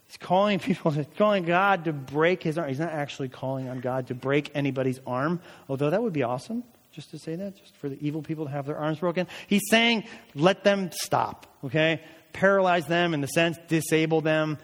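With a brisk, slightly high voice, a pastor delivers a sermon that swells into emphatic calls whenever he turns to prayer. A long reverb from the church sanctuary's hall fills the recording.

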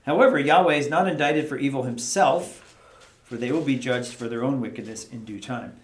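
A man's voice: medium pitch, fairly quick, slight background noise. Echoey man teaching a casual Bible study. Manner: conversational, keeps asking "right?" to the group; dramatizes prayers in an exasperated voice. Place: office. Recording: echoey room.

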